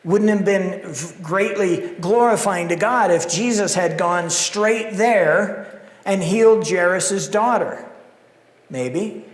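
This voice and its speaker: A male pastor preaches a sermon with a fairly high voice. He takes his time and brings the scenes alive with animated storytelling. The long reverb of the church hall surrounds every word. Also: slow. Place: church sanctuary.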